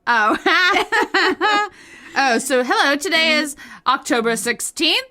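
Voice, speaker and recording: A woman's voice: high-pitched, animated, slow, pushed and bright. A woman co-hosting a podcast in casual chat, giggly, rambling and self-mocking. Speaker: podcast co-host.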